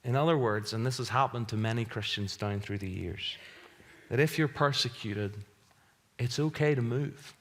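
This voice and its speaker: A pastor preaching a sermon in an earnest, emphatic way, repeating key phrases for weight. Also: male voice, lowish voice, moderate pace, fairly bright tone.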